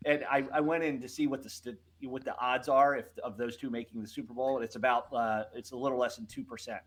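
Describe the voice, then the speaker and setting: A man's voice: mid-range voice, fairly even intonation, brisk, a bit bright. A man co-hosting a casual podcast, talking in a chatty, hesitant way with many fillers. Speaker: co-host. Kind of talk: casual chat.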